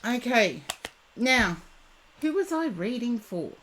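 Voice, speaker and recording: A woman's voice: a little high, sing-song, fairly bright tone, slight background noise. An Australian woman in her fifties, a psychic chatting casually with viewers on a live stream, rambling and digressive. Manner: chatty and digressive, drawn-out words.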